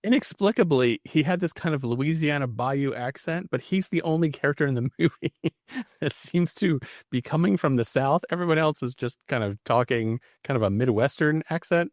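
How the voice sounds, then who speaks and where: A man's voice: fairly high pitch, normal speed, dry recording, studio quality. A man co-hosting a podcast, chatting casually and laughing about a bad horror movie. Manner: lively, laughing, animated storytelling. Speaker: podcast co-host. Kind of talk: casual movie review chat.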